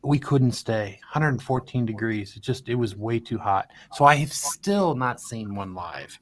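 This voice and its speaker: A man's voice: mid-range voice, animated, unhurried. A man co-hosting a casual live-stream chat, playful and self-deprecating, laughing often.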